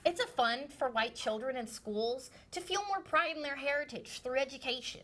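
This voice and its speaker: A woman's voice: high voice, moderate pace, a bit bright. A woman playing a smug, bigoted female education official in a satirical sketch. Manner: smug, unbothered. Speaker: guest in a comedy sketch.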